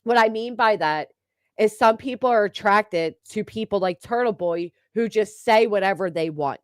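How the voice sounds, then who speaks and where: A woman talking straight into a close mic in a dry, dead room, her pitch sitting mid-range. She chats and gossips easily as she reads viewer comments and breaks into laughs. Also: moderate pace, no echo. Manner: chatty, gossipy, laughs often. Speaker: livestream host. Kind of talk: casual livestream chat reading comments.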